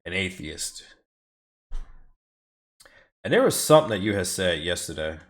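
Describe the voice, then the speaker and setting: Low-voiced dude streaming a racing game from home, swears a lot, bouncy pitch, rambly chat. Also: male voice, very animated, measured pace. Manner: rambling, swears often, talks back to chat. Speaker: streamer doing racing time trials. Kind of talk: casual live-stream chat while driving.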